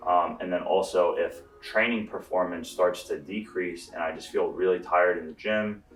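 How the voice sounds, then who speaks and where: Deep-voiced young man in an echoey room. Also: moderate pace, far from the mic. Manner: relaxed, explanatory, with frequent fillers. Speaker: bodybuilder answering viewer questions. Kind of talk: casual vlog update. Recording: echoey room, voice from off the mic, faint music.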